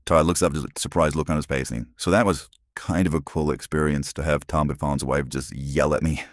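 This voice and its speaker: Very deep-voiced rambling man. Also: quick pace, few pauses, no echo, studio quality. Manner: rambling, anecdotal, self-correcting. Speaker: comic fan vlogger. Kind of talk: casual storytelling monologue.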